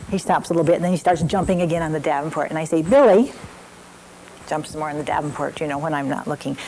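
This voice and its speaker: Soft-voiced older woman teaching parents. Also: low-pitched, slight background noise, poor audio. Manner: gentle, anecdotal, with frequent restarts. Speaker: parenting class instructor. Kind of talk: teaching an online parenting class.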